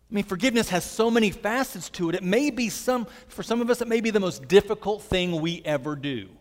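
A man delivering a sermon with an earnest, gentle manner, his voice sitting a little higher than most men's. The sound hangs in a long reverb, as in a large hall. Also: expressive, a little fast, hardly any pauses. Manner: earnest, gentle storytelling preacher. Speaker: pastor.

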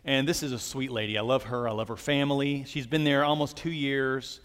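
A man's voice: mid-range voice, fairly even intonation, fairly quick, smooth. Earnest man preaching in a reverberant hall. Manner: earnest, gentle storytelling preacher. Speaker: pastor. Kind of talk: sermon.

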